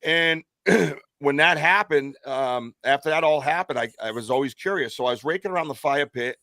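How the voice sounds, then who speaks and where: A man's voice: mid-range voice, bright, forceful tone, dry recording, clean studio sound. A man co-hosting a podcast, telling a long personal story in a rambling way, full of fillers and restarts. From United States. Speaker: podcast co-host. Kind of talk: casual storytelling.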